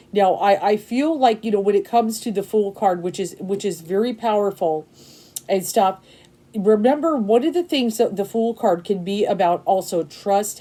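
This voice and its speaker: Here a tarot reader talks to camera in a relaxed, rambling way, full of filler words and repeated "okay?" prompts, her emotion and excitement showing. Her voice sits in the mid range.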